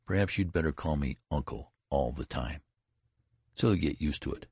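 A man's voice: a bass voice, normal speed, gravelly, a little mellow, slightly rough, dry recording, clean studio sound, exaggerated voice. A man voicing a stern older uncle who lectures a young relative.

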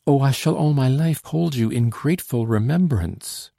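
A man reading aloud, voicing an earnest, anxious young French woman with pleading, emphatic rises in his husky, gravelly voice. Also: mid-range voice, lively intonation, normal speed, warm tone, no room sound, clean studio sound, pitched above the performer's own voice. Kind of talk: audiobook dialogue reading.

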